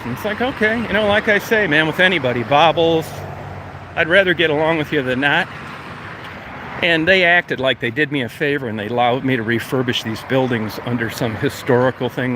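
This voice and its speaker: A man's voice: mid-range voice, noisy background. A man telling a story casually, cursing and heated, acting out both sides of quoted arguments. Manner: profane, heated, acts out quoted exchanges. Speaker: property owner telling a story.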